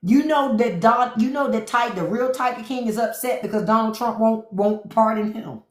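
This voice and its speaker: A woman's voice: fairly high pitch, moderate pace, echoey room. A woman hosting a live stream, ranting about politics to her chat in a profane, sarcastic, mocking way. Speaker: podcast host on a live stream. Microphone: phone.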